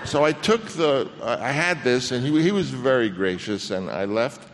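An older man, a film director, telling an anecdote on stage in a halting way with many restarts, acting out the voices he quotes. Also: medium pitch, lively intonation. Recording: long reverb of a hall.

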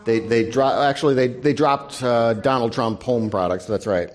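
A man moderating a panel and running a news quiz for an audience, brisk and wry, dropping his voice for asides. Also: medium pitch. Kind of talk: live panel event hosting.

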